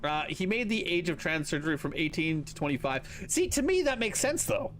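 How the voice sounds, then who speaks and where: A man's voice: a little high, sing-song, brisk, fairly bright tone, slight background noise. A man in his thirties streaming a game and chatting with viewers in a blunt, opinionated way, swearing freely. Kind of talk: casual chat to stream viewers while gaming.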